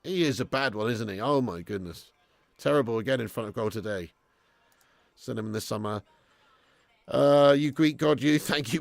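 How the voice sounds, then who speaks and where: Gravelly man hosting a live stream. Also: medium pitch, no room sound. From England. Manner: banter-filled, swears freely, reads out viewer messages. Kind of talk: casual live watch-along chat.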